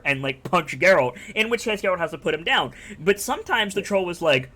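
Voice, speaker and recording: A man's voice: sits high, moderate pace, hardly any pauses, a bit bright. A man streaming live, talking casually and enthusiastically about a game, rambling and swearing freely. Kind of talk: casual chat.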